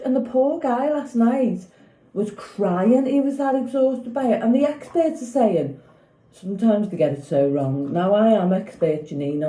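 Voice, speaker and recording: A woman in her fifties, her voice a little high with a dark tone, chats casually in a vlog recorded in an echoey room. She rambles through opinions on a TV show and keeps asking "do you know what I mean" to check that you follow her.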